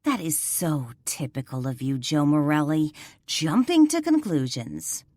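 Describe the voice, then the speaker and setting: A defiant heroine with a lifted, lively voice, insistent and clipped, as a woman narrator plays her. The recording is dry and close. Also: low-pitched, measured pace, dry recording, full character voice.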